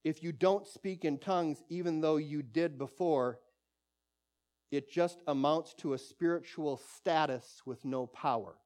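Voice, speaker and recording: High-voiced man preaching a sermon. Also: unhurried. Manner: exhorting, animated, repeats key phrases. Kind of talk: sermon teaching.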